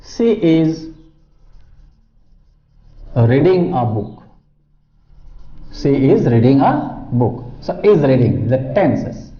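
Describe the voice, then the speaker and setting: Slow, echoey grammar teacher. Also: male voice, mid-range voice, sing-song, highs cut off. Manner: repeats each example slowly, switching into Bengali to explain. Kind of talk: slow classroom-style grammar lesson. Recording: roomy echo with music behind. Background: new-age music.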